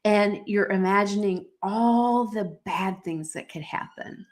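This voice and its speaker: A woman's voice: medium pitch, slow pace, hardly any pauses. A woman hosting a motivational podcast, reading from her own journal with emphatic, preacher-like exhortations and frequent fillers. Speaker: podcast host.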